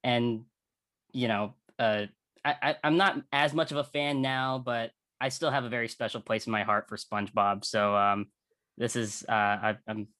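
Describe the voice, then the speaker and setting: A man's voice: mid-range voice, fairly even intonation, normal speed, sharp tone, no echo. A man as a podcast guest, speaking fondly and hesitantly with lots of fillers. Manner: hesitant, fond, full of fillers. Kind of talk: casual podcast chat.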